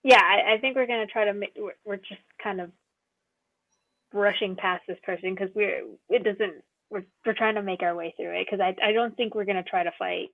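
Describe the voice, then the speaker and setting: A woman playing in a tabletop game, talking haltingly with many restarts. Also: medium pitch, fairly even intonation, gravelly. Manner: halting, restarts, laughs easily. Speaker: player. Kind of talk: casual tabletop play. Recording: tinny phone-like line.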